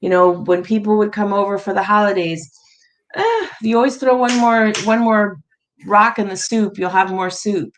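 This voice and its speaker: A woman's voice: mid-range voice, normal speed, low-quality recording. A woman being interviewed, chatting and telling family stories with frequent laughter. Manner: warm storytelling, laughs often. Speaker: guest. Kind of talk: casual interview conversation.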